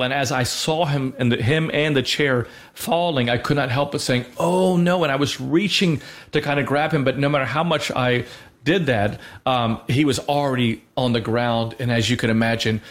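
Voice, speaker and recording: An earnest man in his thirties talks through a teaching on a Christian talk show. He speaks at an ordinary mid pitch, leaning on fillers and restarting his sentences as he thinks aloud. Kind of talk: conversational teaching.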